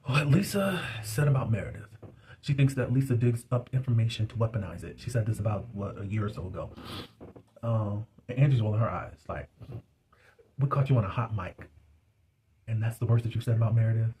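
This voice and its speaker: A man's voice: on the low side, fairly quick, mellow, a little hiss or hum. A man doing a casual, gossipy recap of a reality show. He is chatty, laughs often and uses dialect words like "y'all" and "you be".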